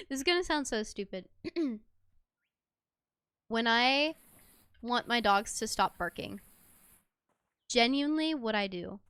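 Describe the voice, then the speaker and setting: A woman's voice: on the high side, a bit bright, clean tone, no echo. A woman streaming a game and chatting casually, giggly and swearing offhand. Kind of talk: casual gameplay chat.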